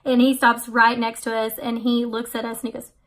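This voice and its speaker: A woman's voice: on the high side, level tone, brisk, a bit bright. A woman in her twenties, a vlogger, casually telling a trip story with many fillers. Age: 20s.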